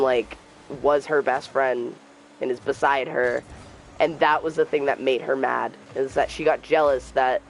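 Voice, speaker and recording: A young man streaming a game, telling a personal story in a soft, halting voice and trash-talking the game now and then. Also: medium pitch, slight background noise, low-quality recording. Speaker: gamer streamer. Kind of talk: casual storytelling while gaming.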